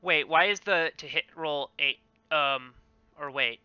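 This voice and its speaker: Bright, crisp-voiced man running the game. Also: on the high side, no echo, dull audio. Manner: halting, full of ums and self-corrections. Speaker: game master. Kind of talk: running a tabletop game over voice chat.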